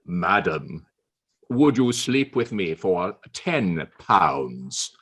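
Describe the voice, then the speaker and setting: Deep, dry old statesman, slow and cutting, as a husky-voiced man puts him on. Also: big pitch swings, a bit bright, exaggerated voice. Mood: sly. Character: gruff, witty older male statesman.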